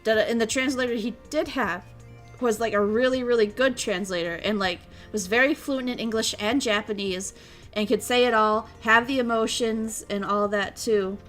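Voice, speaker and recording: Woman, casual streamer chat, fairly high voice, excitable storytelling, faint music behind. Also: normal speed. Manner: excitable storyteller, laughs often, acts out quotes.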